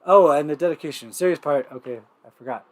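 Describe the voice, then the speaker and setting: A man's voice: on the high side, fast talker. A man hosting a livestreamed variety show, talking casually and rambling through intros with lots of fillers and restarts. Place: home livestream setup.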